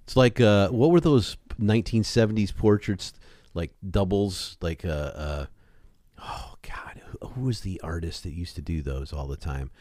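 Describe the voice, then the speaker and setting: A man's voice: sits low, moderate pace, mellow, no room sound, studio quality. A man co-hosting a casual political podcast, bantering and teasing his partner with frequent laughter. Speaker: podcast co-host, the Bull. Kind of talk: casual political commentary chat.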